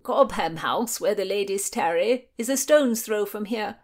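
A woman's voice: medium pitch, expressive, a little slow, voice pushed up. A woman voicing a lovesick, dignified older nobleman in a storybook reading, lofty and earnest.

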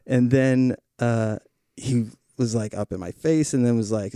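Man, storyteller in a casual chat, mellow tone, close dry sound. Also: mid-range voice, fairly even intonation, unhurried, smooth, no echo. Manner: storytelling, acts out quoted voices.

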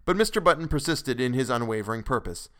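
A man narrating a classic story as a podcast host, in a measured, expressive way. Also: medium pitch. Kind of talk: dramatic storytelling reading.

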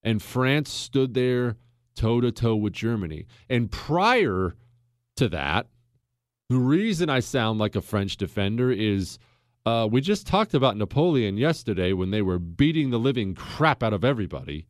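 An American man hosting a casual history talk, folksy and emphatic, with his pitch and pace swinging widely as he makes a point. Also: sing-song, measured pace, no room sound, studio quality. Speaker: podcast host.

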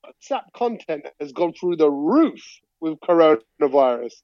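A high-voiced man chats casually on a podcast, spinning animated, slangy stories from home. His voice comes through a dry, somewhat muffled phone mic on a video call. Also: a little slow, dry recording. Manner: animated storyteller, slangy, laughs while talking. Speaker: podcast co-host. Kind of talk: casual chat. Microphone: talking into a phone over a video chat.

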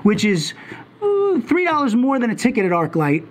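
High-voiced man chatting fast. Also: huge pitch swings. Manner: rambling, interrupts often, joking. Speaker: podcast co-host. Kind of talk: casual chat.

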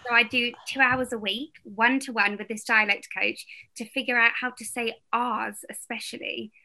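Guest: bubbly young English woman, bright, high voice. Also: moderate pace, creaky. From England. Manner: bubbly and animated, laughs often. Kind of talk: casual chat.

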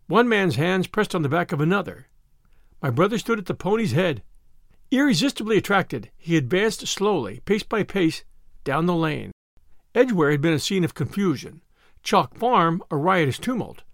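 A man reading a novel aloud as scripted narration, with a dramatic delivery that calls out the crowd's shouts. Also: high-pitched, gravelly, no echo, clean studio sound. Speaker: audiobook narrator.

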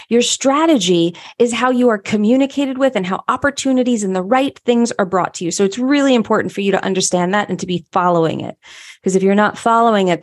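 Upbeat woman teaching with emphatic repetition. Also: on the low side. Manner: upbeat, emphatic, repeats phrases for stress. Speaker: human design teacher. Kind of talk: motivational teaching monologue.

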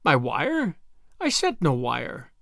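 A man's voice: a little high, huge pitch swings, takes it slowly, creaky, a bit bright, dry recording, heavily acted. Male reader doing a pompous vicar, indignant, raised voice, dry close sound.

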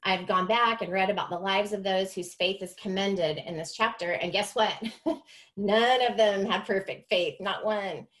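A woman's voice: medium pitch, steady tone, normal speed, fairly bright tone. A woman hosting a podcast, telling her faith story in an earnest, confessional way. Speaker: podcast host. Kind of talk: personal faith testimony podcast.

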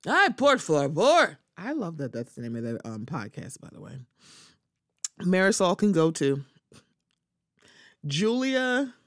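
A woman's voice: deep voice, animated, moderate pace, a little mellow, dry recording, clean studio sound. A woman hosting a solo podcast, giving casual, sassy commentary and often acting out other people in quoted voices. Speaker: podcast host.

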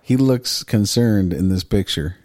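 Podcast co-host, man, lowish voice, joking and profane, dry close sound. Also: a little slow, a little mellow, no echo. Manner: joking, profane, laughs often. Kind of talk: casual podcast banter.

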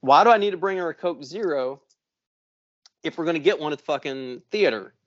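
A podcast co-host tells a long, profane story in a casual way, acting out both sides of an argument. His fairly high voice is expressive and brisk, and the audio is dry and dull.

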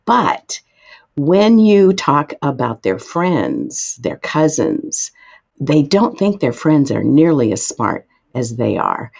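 A woman guest expert answering interview questions, explaining in an emphatic way with sudden lifts in pitch. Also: big pitch swings, takes it slowly, creaky, darkish tone, highs cut off.

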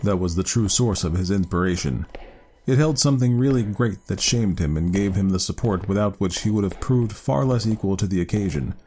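A man narrating a ghost story in a measured, dramatic reading. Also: low-pitched, dark tone, slight background noise. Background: faint music.

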